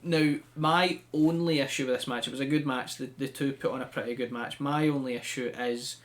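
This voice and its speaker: A man hosting a podcast, telling things in a chatty, animated way with frequent laughs. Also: mid-range voice, brisk. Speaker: podcast host. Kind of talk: casual chat.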